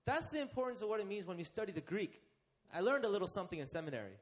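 Lively, high-pitched male preacher. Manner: interactive, asks the congregation questions and leads them; emphatic, slows down to stress key phrases. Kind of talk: sermon.

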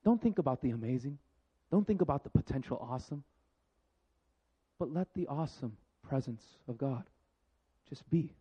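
A man preaching a sermon with jokes, moving between lively storytelling and hushed, slow reflection. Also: mid-range voice, slightly rough. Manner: animated and joking, then hushed and reflective. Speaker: pastor. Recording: dull lo-fi sound.

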